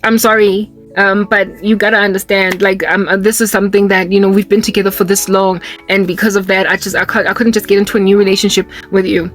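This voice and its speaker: Candid South African woman telling a story. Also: mid-range voice. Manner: candid, rambling, with quick asides and restarts. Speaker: Christian YouTuber. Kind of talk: personal testimony storytelling.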